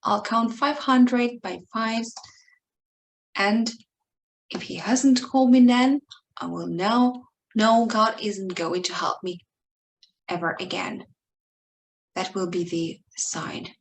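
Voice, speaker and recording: A woman teacher giving an expressive, dramatic reading of a short story monologue, pleading and emotional, with small slips and restarts. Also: fairly high pitch, slow, pauses often, poor audio.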